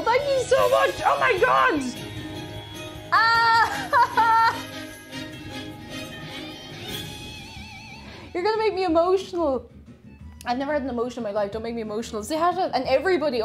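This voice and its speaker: Woman streamer, high lively voice swinging up and down, bubbly chat, soft music behind. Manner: excitable, thanks viewers in high bursts. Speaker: livestream host. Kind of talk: casual livestream chat.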